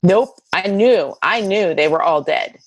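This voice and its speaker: A middle-aged woman telling her own near-death story in an interview, lively and full of "like" fillers. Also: unhurried, dry recording, lo-fi sound. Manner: lively, acts out dialogue in high voices, many "like" fillers.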